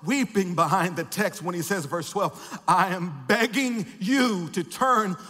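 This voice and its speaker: A man preaching a sermon as pastor, building to repeated shouted refrains and dropping to quiet joking asides. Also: high voice, a little slow. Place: large church sanctuary. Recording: reverberant church hall.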